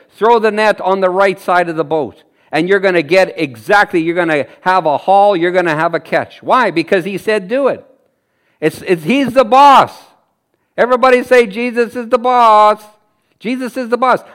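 A man from Canada preaching a sermon in an animated way, laughing and acting out the people he quotes. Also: sits high, moderate pace. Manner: animated, laughs often, acts out quoted voices.

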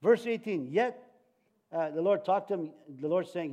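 A male preacher giving a sermon, halting and restarting often, with light jokes. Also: high-pitched, dark tone.

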